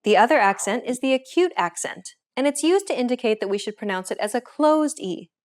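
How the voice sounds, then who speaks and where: A woman hosting a language lesson, reading a script in a clear, even, instructive way. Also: fairly high pitch, fairly quick.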